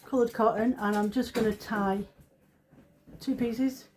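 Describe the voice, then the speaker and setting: A woman with a slightly high voice walks through a hands-on craft job. She narrates every step casually, with easy self-deprecating asides. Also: steady tone, unhurried, a little mellow, a little hiss or hum, rough recording. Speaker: craft shop owner demonstrating. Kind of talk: casual how-to demonstration.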